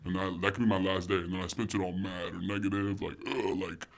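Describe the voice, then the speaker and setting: Give me a young man, rattling off casual chat at a quick clip. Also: low-pitched, flat delivery. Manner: loose, profane, heavy on fillers. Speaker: podcast guest.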